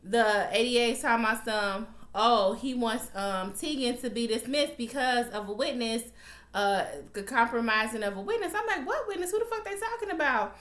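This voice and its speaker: Young woman host, bright and forceful, animated recap chat full of cussing, in an echoey home room. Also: fairly high pitch. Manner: animated, swearing, talks to viewers as y'all. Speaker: TV recap vlogger. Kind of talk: emotional casual recap.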